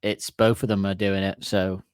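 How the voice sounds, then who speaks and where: A man's voice: deep voice, little pitch movement, moderate pace, smooth, dry recording. A man co-hosting a comedy podcast, crude and giggly, bursting into silly voices. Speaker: podcast co-host. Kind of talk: casual comedic banter.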